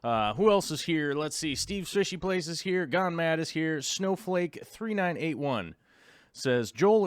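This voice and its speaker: A man's voice: on the high side, clear, resonant tone, no echo, clean studio sound. A tired, jet-lagged man hosting a casual live stream from home, rambling and restarting his sentences as he greets viewers. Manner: rambling, restarts often, chats with viewers and dog.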